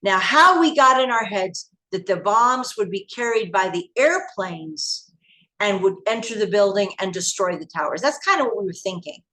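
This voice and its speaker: A woman from the United States, an interview guest, telling past events in an animated, emphatic way with many restarts. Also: mid-range voice, moderate pace, rough recording.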